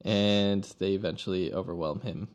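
A man with a fairly low voice hosts a casual podcast. He jokes easily and rambles through summaries in a relaxed way. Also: moderate pace, highs cut off. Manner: joking, relaxed, loose summarizing. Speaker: podcast host.

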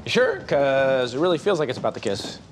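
A man's voice: mid-range voice, big pitch swings, fairly quick, natural voice. An actor playing an earnest young man who presses with hesitant, pleading questions. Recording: TV clip with music underneath.

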